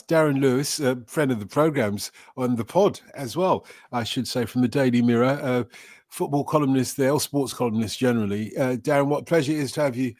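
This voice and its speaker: A man's voice: mid-range voice, darkish tone, no room sound, studio quality. A man hosting a podcast in a casual, chatty way, laughing often and wandering off on tangents. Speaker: podcast host. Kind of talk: casual chat.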